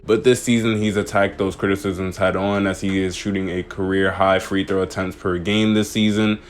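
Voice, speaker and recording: A young man with a low voice delivers scripted basketball commentary. He argues his case confidently and rattles off statistics. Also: little pitch movement, a little hiss or hum. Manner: confident, argumentative, reads stats off quickly.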